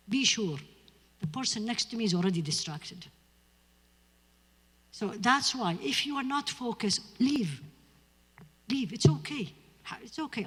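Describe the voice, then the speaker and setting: Husky-voiced woman lecturing in a hall. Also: mid-range voice. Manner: earnest, emphatic, direct address to audience. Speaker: lecturer on Islamic spirituality. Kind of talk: mosque lecture. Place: mosque hall.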